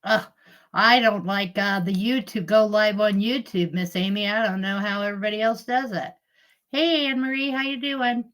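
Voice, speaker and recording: A woman's voice: mid-range voice, steady tone, normal speed, fairly bright tone, low-quality recording. A middle-aged woman, live streaming in casual chat, telling family stories with frequent laughs and greeting viewers. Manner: chatty storyteller, laughs often, greets viewers.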